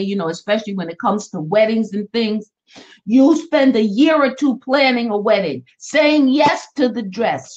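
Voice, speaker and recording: A woman's voice: on the high side, dull audio. A woman hosting a weekly motivational live stream, talking animatedly and repeating phrases for emphasis. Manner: animated, repeats phrases, acts out little quoted voices. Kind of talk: motivational talk on a social media live stream.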